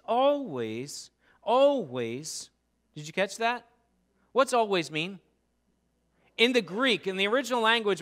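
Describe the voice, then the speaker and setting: A man preaching a sermon as pastor, conversational, acting out little quotes and building to loud emphatic repetitions. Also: a little high. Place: church sanctuary.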